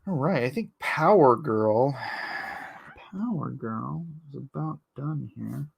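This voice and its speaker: Gravelly man rambling on a livestream. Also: mid-range voice, expressive, slow, no echo. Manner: rambling and joking, answering chat. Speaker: artist streaming live while inking. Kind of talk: casual livestream chat.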